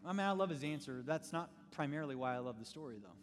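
A man preaching a sermon, telling a story with lively storytelling and shifts in pace. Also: fairly high pitch, fast, in a large hall, a faint crowd, a little hiss or hum.

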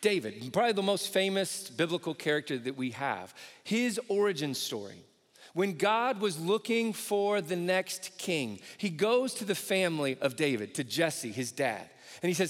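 Male preacher, lively storytelling, acts out characters, slightly high voice. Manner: drops low and slow for key points. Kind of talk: sermon. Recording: long hall reverb.

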